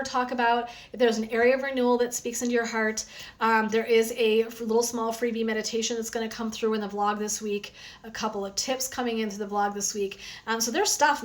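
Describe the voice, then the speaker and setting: A woman wellness coach chats energetically on a phone live stream, her throat sore from talking. Her voice sits on the high side and moves a little fast, full of "um" and "right?".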